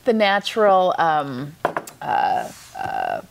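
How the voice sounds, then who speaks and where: A woman's voice: sits low, huge pitch swings, slow pace, vocal fry, noisy background. A woman from New Mexico, a guest reviewing kitchen gadgets in casual chat, matter-of-fact and agreeable.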